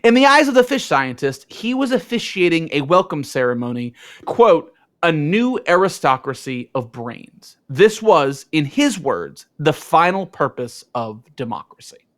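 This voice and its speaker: A man co-hosting a podcast, sliding between casual chat and narration. He has a somewhat high voice and slips in dry, sarcastic jokes. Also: very animated, moderate pace, a bit bright. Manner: joking, sarcastic. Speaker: podcast co-host.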